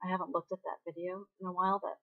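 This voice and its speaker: A woman's voice: on the low side, level tone, rapid-fire. Chatty woman recapping, dull lo-fi sound. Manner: chatty, ends points with "right?". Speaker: drama recap vlogger. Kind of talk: casual spoken recap. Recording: dull lo-fi recording.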